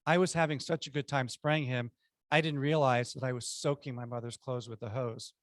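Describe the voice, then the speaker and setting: A man's voice: medium pitch, steady tone, brisk, dry recording. A man giving a prepared club speech, telling childhood stories with punchy numbered lessons.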